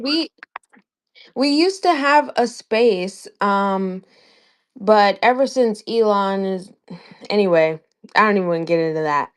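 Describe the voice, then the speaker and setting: A woman co-hosting a live-stream chat at a slow, unhurried pace. Her pitch sits in an ordinary middle range, and she talks in an animated, emphatic way that drifts into tangents. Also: clean tone.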